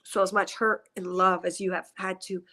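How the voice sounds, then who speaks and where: A woman's voice: medium pitch, little pitch movement, moderate pace, pushed and bright. A woman doing a psychic reading on a headset mic, emotional and tearful as she rambles through her impressions. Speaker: psychic reader. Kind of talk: spiritual reading session.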